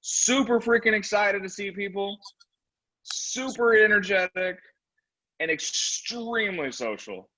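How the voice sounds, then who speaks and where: A man giving a motivational sales training talk, telling animated stories about his dog. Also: sits high, a little slow. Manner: animated, energetic storytelling. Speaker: real estate sales trainer. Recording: slightly muffled recording.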